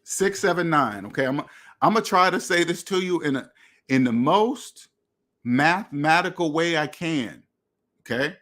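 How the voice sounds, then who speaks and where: Blunt, lecturing man, slightly high voice. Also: expressive, moderate pace, a bit bright. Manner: blunt, repetitive, lecturing, with many restarts. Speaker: finance channel host. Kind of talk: direct-to-camera rant.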